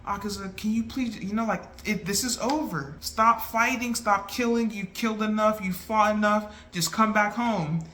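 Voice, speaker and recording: A man voicing a gentle young woman softly pleading with her lover to come home, as he retells an anime movie. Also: high voice, normal speed, hardly any pauses, reverberant, far from the mic, slight background noise, voice pushed up.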